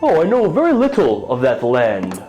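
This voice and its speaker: A man's voice: medium pitch, huge pitch swings, moderate pace, mellow, dull audio, soft background music. A man voicing a pompous, boastful male human knight in a tabletop role-play game, speaking in a grand, self-important way. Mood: proud.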